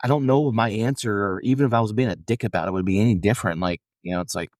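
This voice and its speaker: A man's voice: lowish voice, very fast, a little mellow, no echo, studio quality. Rambling upbeat man chatting. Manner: rambling, upbeat, lots of fillers. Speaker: podcast co-host. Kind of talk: casual chat.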